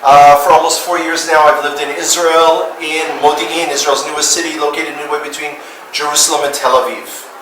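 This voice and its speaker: A man from New York City with a New York accent, a tour guide telling history in a jokey, lively way to a group. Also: fairly high pitch, moderate pace. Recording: echoey and far from the mic, with noise.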